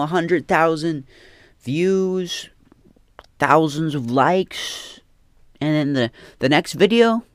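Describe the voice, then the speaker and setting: Profane rambling young man, lively pitch. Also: dry recording, clean studio sound. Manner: profane, rambling, repeats himself. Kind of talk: casual rant.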